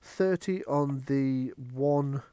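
A man's voice: medium pitch, extremely slow, mellow, clear, resonant tone, no echo. A man running a tabletop horror game as game master, chatty, with many fillers and restarts.

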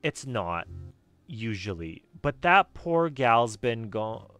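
A man's voice: mid-range voice, sing-song, takes it slowly, fairly bright tone, no echo, faint music behind. A man giving casual, sarcastic commentary while playing a game, swearing freely. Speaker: game streamer.

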